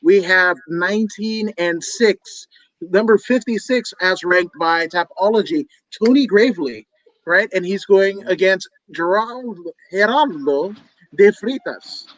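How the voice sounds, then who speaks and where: Man, high voice, joking, profane, casual podcast chat, dry close sound. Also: unhurried, fairly bright tone, dry recording, low-quality recording. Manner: joking, profane, wrestling references. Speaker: podcast co-host. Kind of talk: casual fight-prediction chat.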